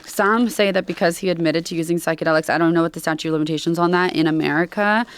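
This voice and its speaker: A woman's voice: fairly low pitch, fast talker, smooth. A woman co-hosting a podcast in casual chat, telling things in an emphatic, gossipy way. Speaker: podcast co-host.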